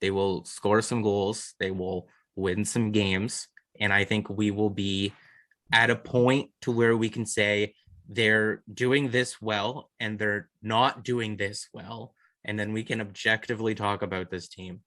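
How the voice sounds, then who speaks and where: A man's voice: on the low side, level tone, a little slow, pushed and bright, no echo, studio quality. A man co-hosting a casual sports podcast, talking earnestly and restarting his sentences often. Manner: rambling, repeats and restarts, earnest. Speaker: podcast co-host.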